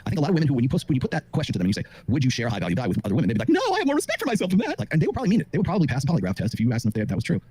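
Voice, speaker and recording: A middle-aged man who lectures with rapid confidence, full of fillers, as a dating commentator on a podcast. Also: mid-range voice, big pitch swings, warm tone, breathy edge, no room sound. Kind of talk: monologue on a podcast.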